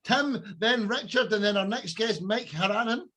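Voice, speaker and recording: A man's voice: high voice, moderate pace, sharp tone. A man hosting a music podcast, chatty and effusive as he introduces guests. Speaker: podcast host. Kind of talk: casual podcast chat.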